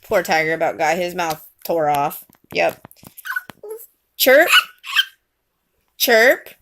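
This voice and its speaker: A mother reading a picture book with her small child, coaxing and gently teasing. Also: deep voice, steady tone, normal speed, background noise.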